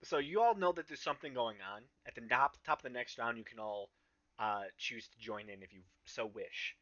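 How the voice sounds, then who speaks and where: Halting man running a tabletop game. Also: mid-range voice, sharp tone. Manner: halting, many ums and restarts. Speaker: game master. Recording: slightly dull, muffled sound.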